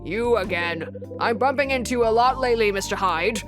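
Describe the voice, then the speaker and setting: A woman's voice: on the high side, a little fast, music in the background, close to an everyday voice. A woman voicing a cranky old male neighbor in a video game, speaking curtly and dismissively. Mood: grumpy. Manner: curt, gruff and dismissive.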